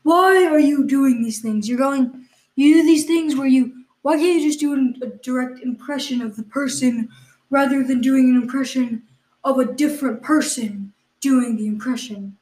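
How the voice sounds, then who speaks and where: A woman's voice: high-pitched, moderate pace, darkish tone. Woman grilling her co-host in an echoey room. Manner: questioning, mock-exasperated, full of fillers. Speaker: podcast co-host. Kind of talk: improvised comedy banter.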